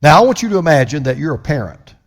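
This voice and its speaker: A man preaching a sermon as pastor, impassioned, swinging from loud proclamation to hushed storytelling. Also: a little high, sing-song, quick pace.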